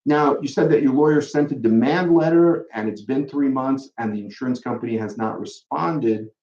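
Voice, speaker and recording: A man, a personal injury lawyer, answering viewer questions in a casual live Q&A, animated and acting out the other side in quick quoted asides. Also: mid-range voice. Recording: dull, roomy sound.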